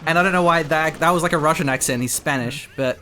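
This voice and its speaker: A man casting a strategy video game match, reacting with quick excitement and jokes. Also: fairly high pitch. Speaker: esports caster. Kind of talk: game commentary.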